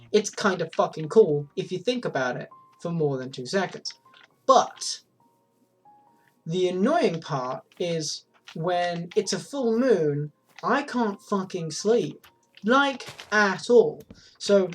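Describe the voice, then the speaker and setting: Woman streamer, lowish voice, loose rambling chat, frequent swearing, faint music behind. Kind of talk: casual chat while gaming.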